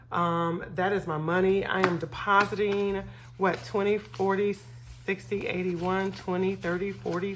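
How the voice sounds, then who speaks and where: A woman's voice: on the low side, slight background noise. A middle-aged woman hosting a budgeting vlog, chatting casually with her viewers while counting cash. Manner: chatty, relaxed, talks to viewers as y'all. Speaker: budgeting vlogger host.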